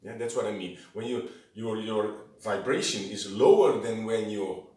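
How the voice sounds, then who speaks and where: Man giving an echoey singing lesson. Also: darkish tone. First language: Dutch. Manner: halting, demonstrates low sung tones, frequent "eh?" tags. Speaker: vocal instructor. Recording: very echoey room, from a distance.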